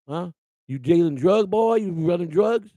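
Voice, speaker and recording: A man's voice: high-pitched, expressive, a little slow, mellow, no room sound, pitched above the performer's own voice. A man putting on a taunting southern lawman. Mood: menacing. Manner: taunting, drawled, keeps barking "boy". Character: bullying small-town southern lawman, male, middle-aged.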